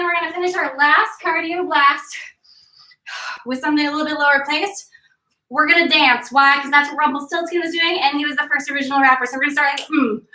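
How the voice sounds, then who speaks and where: A woman's voice: sits high, sharp tone. A woman leading a live workout class, chatty and joking while she tells a story and counts reps aloud. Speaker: fitness instructor. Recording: echoey room, distant mic.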